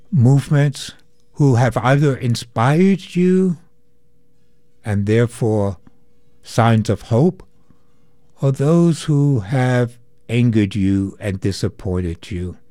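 A man hosts a call-in radio show, speaking slowly and deliberately with many pauses and fillers. His voice is mellow and dark in tone, and it sounds dry and close, with no room echo. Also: medium pitch. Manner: slow, thoughtful, with pauses and fillers.

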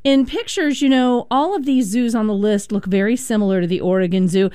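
Smooth-voiced woman radio host. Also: mid-range voice, brisk, mellow, no echo, studio quality. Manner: engaged, conversational questioning. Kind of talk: radio interview.

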